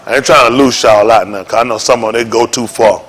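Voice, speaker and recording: A man's voice: mid-range voice, steady tone, fast. Folksy preacher man, joking and preaching. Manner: folksy, joking, rising to shouts. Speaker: congregation leader. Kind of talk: informal sermon to a congregation.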